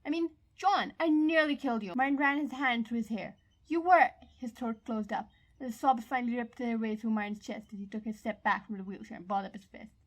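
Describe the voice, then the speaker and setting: A woman narrating a fan fiction audiobook in a steady, measured reading. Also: fairly high pitch, poor audio.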